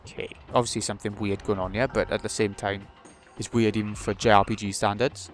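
A man's voice: fairly low pitch, flat delivery, brisk, faint music behind. A British man giving casual commentary on a video game he is playing, with dry, wry asides. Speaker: let's play host.

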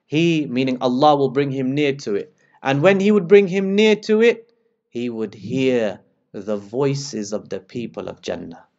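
Man teaching a lively religious lesson. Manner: lively storytelling, rises in pitch and volume when quoting dialogue; addresses listeners directly as brothers. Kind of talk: religious lesson with retold narrations. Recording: slightly dull lo-fi recording.

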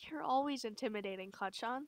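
A woman's voice: fairly high pitch, brisk, no room sound, natural voice. A woman voicing a timid, stammering teenage boy hero in a fan comic dub, speaking eagerly. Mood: shy.

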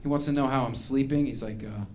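A man's voice: medium pitch, steady tone, quick pace, a little mellow. A man performing a live stand-up set in a small venue, ranting and rambling with plenty of profanity. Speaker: stand-up comedian.

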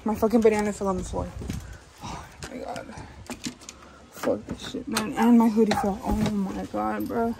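A woman's voice: mid-range voice, steady tone, moderate pace, creaky. A young woman vlogging from her car, talking casually and swearing freely as she vents about her day. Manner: venting, swears freely, exasperated. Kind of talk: casual vlog talk. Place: inside a car. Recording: car noise behind the voice. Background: car and road noise.

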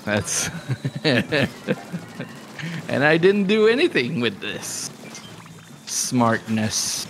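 A man's voice: mid-range voice, sing-song, drawn-out words, a bit bright, faint music behind. A man hosting a live stream, chatting casually in a rambling, self-deprecating way and laughing often. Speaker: livestream host.

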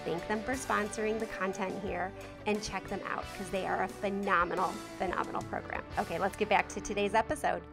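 A woman's voice: medium pitch, fairly even intonation, brisk. A woman podcast host doing an enthusiastic sponsor read. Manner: upbeat, enthusiastic endorsement. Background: clear music.

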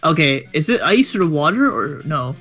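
A man's voice: on the high side, sing-song, normal speed, pushed and bright, faint music behind. A young man playing a co-op game, joking, punning and giggling as he talks. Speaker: co-op player. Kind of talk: casual gaming chat.

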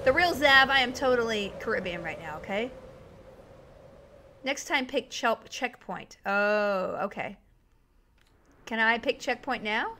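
An excitable woman comments on her game to live viewers, her voice high and bouncing all over its range. Her tone is bright and sharp, and faint game music sits behind her. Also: unhurried, long pauses, slight background noise. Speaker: game streamer.

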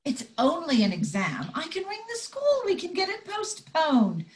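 Woman reads frayed mum, lively high voice, close to breaking. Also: normal speed, full character voice. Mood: strained. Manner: pleading, strained. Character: stressed mother Judy, frayed but loving. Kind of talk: live script reading over video call.

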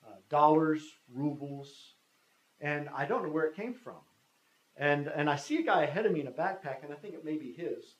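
A man's voice: fairly high pitch, echoey room, low-quality recording. A man in his fifties telling a personal story in a talk, speaking conversationally and acting out the dialogue. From United States. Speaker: guest speaker.

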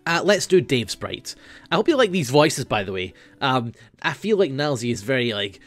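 Excitable man in gaming commentary. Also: medium pitch, a little fast, soft background music. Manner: excitable, chatty, trailing off into mumbles. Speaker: gaming channel host. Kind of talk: casual let's play commentary.

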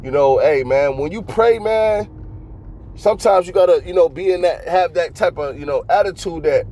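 Driving in a car, a man casually preaches to his brothers, urging them on with lots of fillers and a repeated "man," and reads scripture aloud in slow phrases. His voice is a little high, animated, and slightly mellow.

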